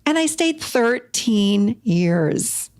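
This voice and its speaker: A middle-aged woman talks on her solo podcast in a casual, expressive way. Her delivery lifts sharply when she makes a point and sinks into low, confiding asides. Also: drawn-out words. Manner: animated and expressive, swings between bright emphasis and low confiding asides. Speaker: podcast host.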